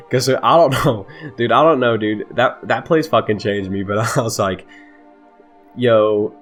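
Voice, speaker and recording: A man's voice: medium pitch, moderate pace, a bit bright, faint music behind. A young man telling a heated storytime with lots of swearing and laughter. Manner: profane, laughing, heated retelling. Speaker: vlogger. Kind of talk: casual storytime.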